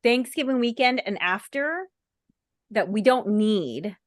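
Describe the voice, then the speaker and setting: A woman's voice: on the high side, lively intonation, slow, no room sound. Chatty woman, dry close sound. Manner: chatty, laughs often. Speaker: co-host. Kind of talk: casual chat.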